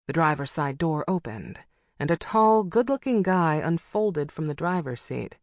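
A woman reading a first-person novel aloud as an audiobook narrator, with wry, brisk storytelling. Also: sits low, big pitch swings, no room sound, clean studio sound.

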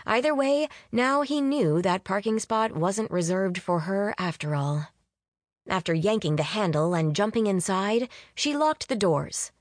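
A woman's voice: fairly low pitch, dry recording. Woman narrating a story, dry sound. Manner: expressive reading, voices characters with lively lift. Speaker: audiobook narrator. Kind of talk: scripted narration.

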